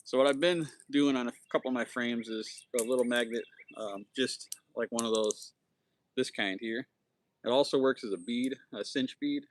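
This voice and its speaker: A man's voice: mid-range voice, moderate pace, a little hiss or hum. A man hosting a casual livestream, rambling in a laid-back way and saying "dude" and "man" a lot. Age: adult with children. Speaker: slingshot livestream host.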